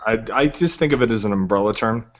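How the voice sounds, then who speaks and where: A man as a guest on a video call, relaxed and explanatory with a sarcastic streak. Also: on the low side, fast talker. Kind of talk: casual chat on a video call. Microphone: dynamic recording microphone. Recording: dull lo-fi video call audio.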